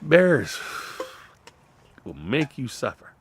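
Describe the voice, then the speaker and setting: A man in a rambling, profane monologue whose voice swings between loud outbursts and low mutters. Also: sing-song, drawn-out words, a little hiss or hum.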